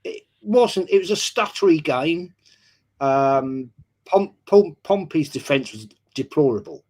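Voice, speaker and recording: A man's voice: on the high side, lively intonation, measured pace, a little mellow. A man hosting a casual football chat show, greeting viewers by name and chatting loosely. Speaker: podcast host.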